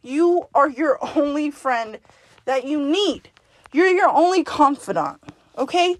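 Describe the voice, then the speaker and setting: A woman with a high voice delivers a forceful, profane pep talk to herself, speaking in the second person. She is blunt and insistent. The recording is dry and close. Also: lively intonation, takes it slowly, no room sound. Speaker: podcast host. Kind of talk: self-directed pep talk monologue.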